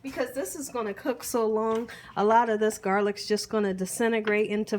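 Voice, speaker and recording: Against a noisy background, a woman with a slightly high voice runs a home cooking demonstration a little fast, barely pausing and keeping her intonation fairly even. As the show's host she stays chatty and encouraging, regularly checking on her audience with "you hear me?"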